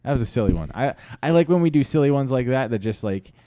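A man's voice: medium pitch, animated, quick pace, warm tone, dry recording, clean studio sound. A man hosting a comedy podcast in a casual, rambling way, full of fillers. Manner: rambling, filler-heavy, chuckling. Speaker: podcast host.

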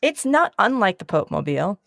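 A woman co-hosting a casual podcast, excitable and quick to blurt things out, with profane jokes. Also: medium pitch, gravelly, no room sound, studio quality. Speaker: podcast co-host. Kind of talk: casual chat.

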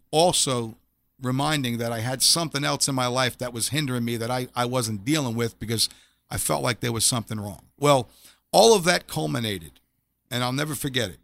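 Gravelly earnest middle-aged man. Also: medium pitch, fairly bright tone. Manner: earnest, repeats phrases when he gets emotional. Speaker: interview guest, former police officer. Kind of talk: personal faith testimony.

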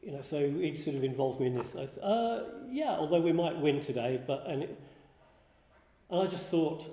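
A man's voice: fairly high pitch, mellow. A man from northern England giving a talk to an audience, telling an anecdote in a wry, self-deprecating way. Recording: echoey hall.

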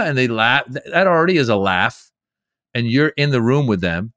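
A middle-aged man, a comedian, telling lively stories in an interview and slipping into quoted voices. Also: medium pitch, a little fast, no room sound, clean studio sound. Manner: animated storyteller doing quoted voices. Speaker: comedian guest. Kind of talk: storytelling interview.

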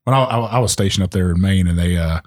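A man's voice: low voice, quick pace, no room sound, clean studio sound. A man hosting a casual chat, asking folksy, friendly questions and swapping stories.

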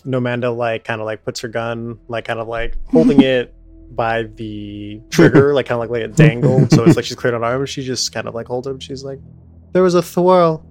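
A man's voice: medium pitch, fairly even intonation, brisk, a little mellow, soft background music. A man playing a tabletop game, describing his character and speaking as her, rambling with many fillers. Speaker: player.

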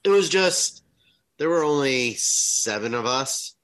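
A man chatting casually as a podcast co-host, telling stories in an animated way and swearing freely. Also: slow pace, a little hiss or hum, low-quality recording. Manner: animated storytelling, swearing, rises high when excited. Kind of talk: casual chat.

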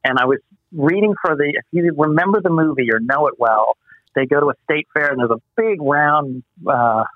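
A man telling animated stories as an interview guest, acting out the voices he quotes. His voice comes through slightly husky and very dry, with no room around it. It sounds squeezed into a narrow, phone-like band. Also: on the high side, moderate pace, no echo. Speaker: actor guest. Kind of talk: casual interview anecdotes. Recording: muffled phone-line sound.

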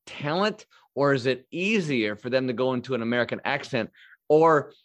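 Male host, mid pitch, chatty and meandering, dry close mic. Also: animated, moderate pace, dry recording. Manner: rambling, chatty, full of fillers. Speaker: podcast host. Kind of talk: casual interview chat.

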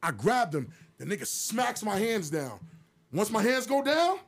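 A man co-hosting a podcast who tells a story in a casual, animated way, with plenty of swearing, and puts on the voices of the people in it. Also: high voice, unhurried. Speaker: podcast co-host.

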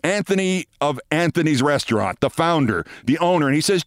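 Brief: middle-aged male host, wry and dramatic, slightly high voice, dry close studio sound. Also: expressive, a little fast, dry recording. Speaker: podcast host. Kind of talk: monologue storytelling and sign-off. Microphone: studio mic.

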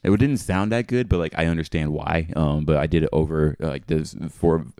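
Very deep smooth-voiced American man. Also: a little fast, a little mellow, dry recording, studio quality. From United States. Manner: laid-back, lots of fillers and agreement. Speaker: podcast host. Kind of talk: casual chat.

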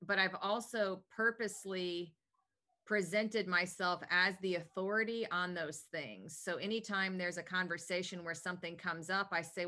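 A woman's voice: fairly low pitch, moderate pace, sharp tone. A woman being interviewed about her health business, talking in an upbeat, talkative, enthusiastic way. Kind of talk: casual interview answers.

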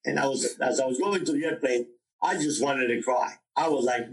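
A man in his sixties, a podcast guest telling his story in an animated way and acting out the dialogue himself. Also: medium pitch, a little fast, vocal fry, distant mic, low-quality recording. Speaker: interview guest.

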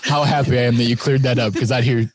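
A man's voice: medium pitch, fairly even intonation, fast, over loud music. A man in his thirties, a podcast guest, telling stories in a laid-back, wry way and laughing often. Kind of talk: casual conversational storytelling.

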